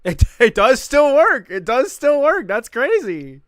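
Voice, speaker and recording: A man's voice: very high voice, sing-song, measured pace, a bit bright, no room sound, studio quality. A young man casually reacting on a live stream, rambling and enthusiastic, repeating himself.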